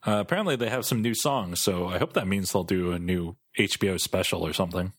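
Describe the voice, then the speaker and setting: A man speaking in a casual podcast chat, unhurried and matter-of-fact, often stopping on an "uh". His voice sits low. The recording is dry and close. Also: husky, no room sound. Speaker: podcast co-host.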